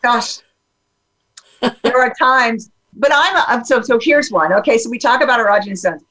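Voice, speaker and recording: A woman talking openly in a casual podcast conversation, animated and full of fillers and restarts. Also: fairly high pitch, moderate pace, low-quality recording.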